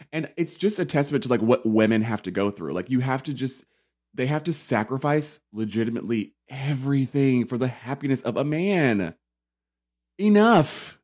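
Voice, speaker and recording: Sassy podcast host in his thirties, mid-pitched, chatty and profane, reality-TV recap. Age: 30s. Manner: sassy, animated, profane, full of asides.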